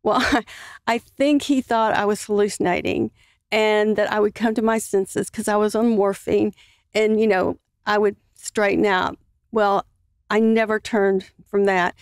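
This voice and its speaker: A woman guest on a podcast, earnestly telling a personal story in a halting way with many fillers. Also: medium pitch, fairly even intonation, smooth, no echo, studio quality.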